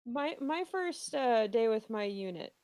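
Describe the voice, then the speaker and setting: A woman's voice: on the high side, lively intonation, a little slow, darkish tone, no echo. A woman who served in the military tells a story in a casual group chat, plain-spoken and self-mocking. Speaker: military veteran. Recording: crowd chatter behind her mic.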